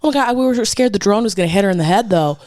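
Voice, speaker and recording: A woman's voice: medium pitch, animated, very fast, a little mellow, dry recording, clean studio sound. Chatty gossiping woman podcast host. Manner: chatty gossipy storyteller, swears freely. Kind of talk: casual chat.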